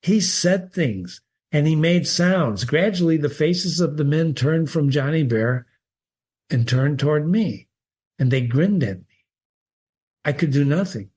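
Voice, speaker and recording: A man reading a short story aloud as the show's host, expressive and lifting his pitch on key words. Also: a little slow, slightly rough. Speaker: reader.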